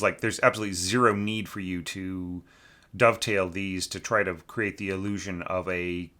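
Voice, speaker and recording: A deep-voiced man with a bright, forceful tone critiques a student's score informally. As an orchestration teacher, he scatters fillers and tag questions through his talk and hums or scats passages to illustrate phrasing.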